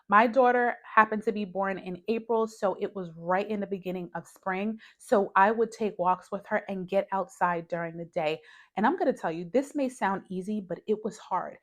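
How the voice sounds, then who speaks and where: A young woman at home, talking candidly to camera as a new mother, giving advice in a casual, conversational way and calling the viewer "girl". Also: medium pitch. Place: her home, TV in front of her.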